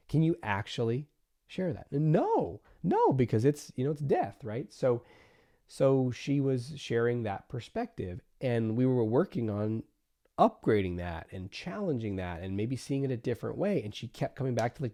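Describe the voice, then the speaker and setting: A man's voice: medium pitch, sing-song, normal speed, warm tone. A man who is a therapist, hosting a solo podcast and explaining ideas with everyday examples, sometimes acting out what people tell themselves. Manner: explains with everyday examples and acts out inner voices.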